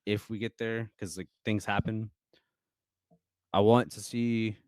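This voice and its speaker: A man's voice: on the low side, fairly even intonation, measured pace, darkish tone, smooth, no room sound. A young man telling stories as a podcast guest in a casual, rambling way, full of fillers and restarts. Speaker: guest musician.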